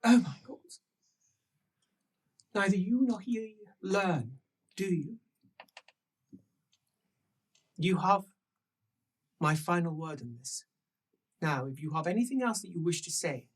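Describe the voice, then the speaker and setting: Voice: medium pitch, lively intonation, unhurried, pauses often, slightly rough, recorded from a distance. A game master voicing a defiant, brusque noble countess who swears freely in an improvised tabletop game. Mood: contemptuous. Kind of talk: improvised tabletop role-play.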